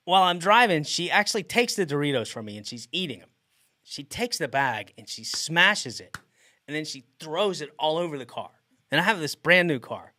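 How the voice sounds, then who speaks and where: A man's voice: fairly high pitch, pushed and bright, no echo, clean studio sound. A middle-aged man hosting a podcast, telling a story in a casual way and often laughing mid-sentence. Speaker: podcast host.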